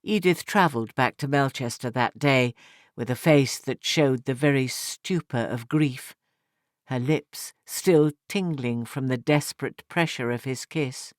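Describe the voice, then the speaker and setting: In a dry, studio-quality recording, a man with a mid-range voice narrates a classic short story for an audiobook. The scripted literary reading is steady and evenly paced.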